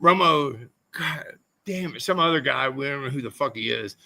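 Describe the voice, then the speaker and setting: A man's voice: medium pitch, lively intonation, moderate pace, gravelly, sharp tone, low-quality recording. A man, a former motorcycle racer, telling rambling, profanity-laden stories as a podcast guest. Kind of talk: casual storytelling interview.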